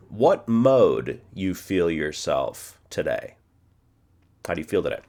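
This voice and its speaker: A man in his forties walks through a self-study language lesson, repeating phrases slowly and checking himself as he goes. His voice sits fairly low, and he thinks aloud between drills. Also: animated. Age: 40s. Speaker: language teacher.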